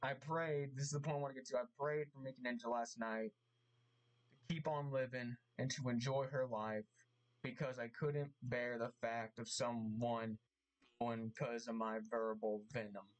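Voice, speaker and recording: A man making an earnest vlog apology, speaking haltingly and repeating himself, getting emotional as he talks. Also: mid-range voice, steady tone, rough recording. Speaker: vlogger. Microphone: mask on, camera vlog.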